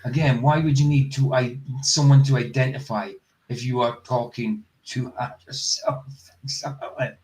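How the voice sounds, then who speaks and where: A man's voice: medium pitch, steady tone, moderate pace, darkish tone, rough recording. A man hosting a casual reaction stream, bluntly skeptical and firing off rhetorical questions. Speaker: host.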